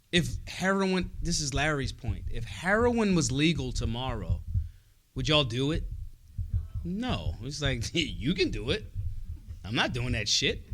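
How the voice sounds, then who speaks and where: A man giving a rousing political speech at a convention, emphatic and profane, swinging between shouted lines and low asides. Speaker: convention speaker. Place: convention hall.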